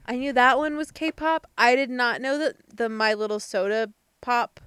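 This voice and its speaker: A woman's voice: fairly high pitch, measured pace, fairly bright tone, clear, resonant tone, no echo. A young adult woman co-hosting a podcast, chatting casually and thinking aloud with many fillers. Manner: thoughtful, hedging with many fillers. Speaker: podcast co-host. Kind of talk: casual chat.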